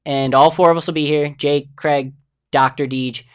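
A man's voice: fairly high pitch, steady tone, normal speed, smooth. A young man hosting a podcast on his own, chatting casually and rambling from one thing to the next. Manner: rambling, chatty, easily sidetracked. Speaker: podcast host. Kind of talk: casual solo podcast chat.

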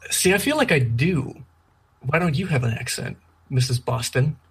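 A man from Canada chatting casually over a remote call, talking fast and joking, slurring words together. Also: fairly high pitch, expressive, husky. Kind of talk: casual chat.

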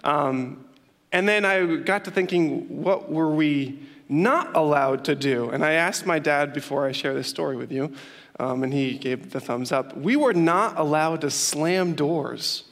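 A young man, a youth pastor, preaching a sermon and telling stories with lively emphasis and frequent laughs. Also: a little high, unhurried. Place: church hall with long reverb. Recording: reverberant church hall.

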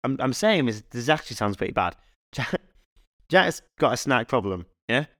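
A male fitness coach co-hosting a casual podcast, chatting in an animated, rambling way full of anecdotes and restarts. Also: mid-range voice, moderate pace, dry recording, studio quality.

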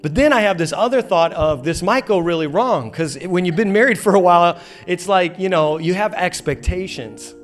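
Lively male pastor, faint music. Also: sits high, normal speed, few pauses. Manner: energetic storytelling with playful acted quotes. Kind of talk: sermon. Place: church auditorium.

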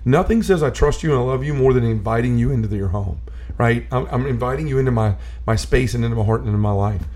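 A man's voice: medium pitch, fast talker, darkish tone. A man talking earnestly in a casual conversation about faith, telling stories and often restarting his sentences. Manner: earnest storyteller, restarts and repeats himself.

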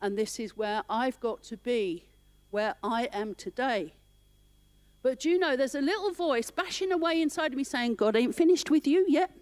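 A woman's voice: a little high, normal speed, dry recording. A middle-aged woman minister telling her personal story in church, emotional and conversational.

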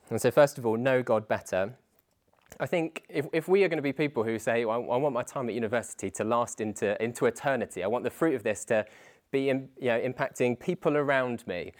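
A man giving an informal, earnest sermon to students, talking conversationally and quoting scripture and prayers. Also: mid-range voice. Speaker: speaker at a student Christian talk.

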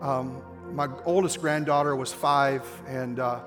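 An older man preaching a sermon with passion, his voice climbing toward near-shouts at the key points. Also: medium pitch, fairly even intonation, unhurried. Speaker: pastor. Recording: long hall reverb with faint music.

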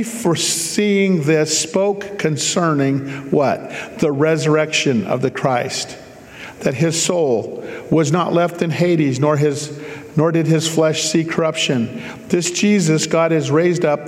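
A man's voice: fairly high pitch, a little mellow, in a large hall. A man preaching a sermon, reading scripture aloud and breaking off for casual, joking asides to explain it.

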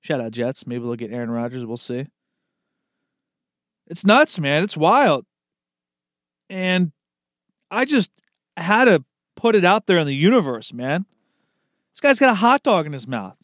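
A man's voice: fairly high pitch, very animated, a little slow, pauses often, a bit bright, no room sound, clean studio sound. A man in a casual, rambling monologue, laid-back and swearing freely, often calling the listener man or dude. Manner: chuckles at his own slips.

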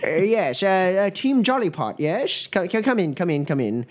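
Man voicing an old gnome dean, flustered, stammering, raised pitch. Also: big pitch swings, moderate pace. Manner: stammering, placating.

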